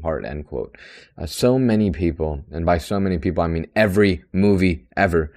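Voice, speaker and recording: Deep-voiced young man ranting. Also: dark tone. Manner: ranting, blunt and sarcastic; talkative and extroverted. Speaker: podcast host. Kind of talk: solo podcast monologue.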